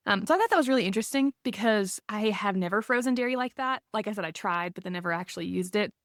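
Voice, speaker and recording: A woman's voice: medium pitch, animated, fast talker, fairly bright tone, no echo, clean studio sound. A woman co-hosting a podcast, chatting casually and rambling a little, with frequent likes and ums. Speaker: podcast co-host.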